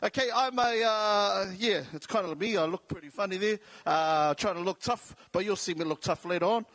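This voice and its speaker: A man's voice: high-pitched, normal speed, fairly bright tone, no echo. A man with a South Auckland accent talking on stage as a comedian, jokey and self-deprecating. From New Zealand. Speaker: comedian and radio host. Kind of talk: stand-up style talk. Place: large indoor venue.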